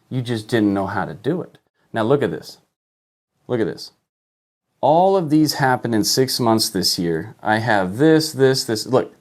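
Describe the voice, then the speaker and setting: A man teaching online marketing on a livestream, talking emphatically, asking rhetorical questions and checking in with "okay?" as he points at his screen. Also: mid-range voice. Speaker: online business coach. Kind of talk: live-streamed marketing lesson.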